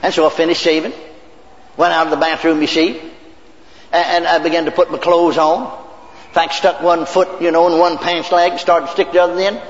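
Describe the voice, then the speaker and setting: Folksy old preacher in an echoey hall. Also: male voice, a little high, flat delivery, fairly quick. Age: older. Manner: folksy, repeats words, laughs. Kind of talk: sermon storytelling. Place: church hall. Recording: echoey hall, dull lo-fi tape.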